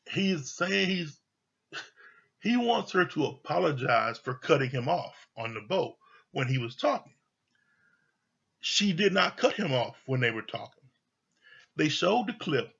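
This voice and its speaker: A man casually recapping and reviewing a reality TV episode, blunt and animated, swearing freely as he retells the scenes. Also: on the high side, takes it slowly, vocal fry, pauses often, slightly rough, lo-fi sound. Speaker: TV show reviewer.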